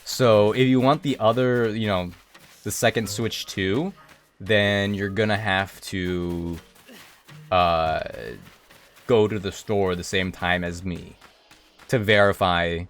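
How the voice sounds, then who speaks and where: A man live-streaming a video game, chatting casually with viewers and breaking into high, excited yelps when something happens in the game. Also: slow.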